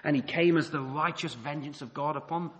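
A man's voice: fairly high pitch, brisk. A middle-aged man preaching a sermon, telling the story vividly and asking rhetorical questions.

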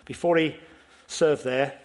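A man's voice: fairly high pitch, steady tone, takes it slowly. A man preaching a sermon in an emphatic way, often asking his listeners questions.

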